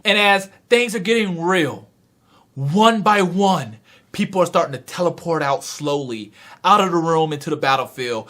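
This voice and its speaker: A man recapping and reviewing a manga chapter with animated, excitable storytelling. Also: sits high.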